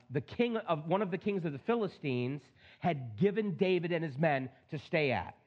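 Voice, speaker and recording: A middle-aged male pastor preaching a sermon in an animated, plain-spoken way with joking asides. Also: on the high side, dull audio.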